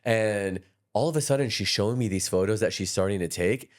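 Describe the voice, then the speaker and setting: A man's voice: lowish voice, brisk. A man talking as a guest energy healer in a casual podcast conversation, telling rambling stories with many restarts.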